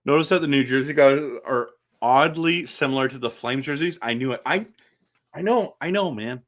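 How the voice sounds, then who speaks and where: A man with a bright, forward voice hosts a relaxed live stream. He answers chat comments one after another, animated and chatty, and often restarts his sentences. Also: mid-range voice, normal speed. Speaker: livestream host reading chat.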